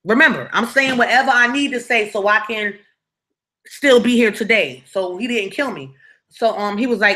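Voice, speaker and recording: A woman hosting a live story-time stream, telling a personal story in an animated, blunt and profane way and often checking in with "right?". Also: on the high side, moderate pace. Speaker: storyteller, channel host.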